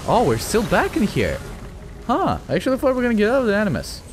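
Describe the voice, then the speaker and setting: Profane excitable man with a Russian accent. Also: sits high, fast talker, faint music behind. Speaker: gaming channel host. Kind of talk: let's-play commentary.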